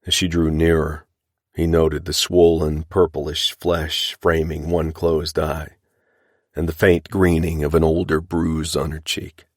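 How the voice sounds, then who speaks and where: A man narrating a western audiobook in a measured, even storytelling manner. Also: extremely low pitch, dry recording, studio quality.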